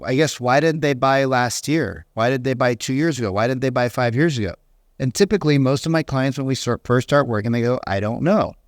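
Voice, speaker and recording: Animated man coaching, dry close sound. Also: medium pitch, dry recording. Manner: animated, mimics agents and clients in quick bursts. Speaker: real estate sales coach. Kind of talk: casual motivational coaching talk.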